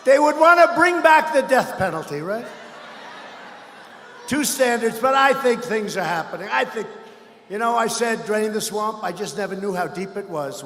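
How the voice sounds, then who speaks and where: A man giving a rambling, boastful campaign rally speech, often breaking into shouts. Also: sits high, a little hiss or hum. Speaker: political speaker at a rally. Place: large rally hall. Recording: echoey hall with long reverb.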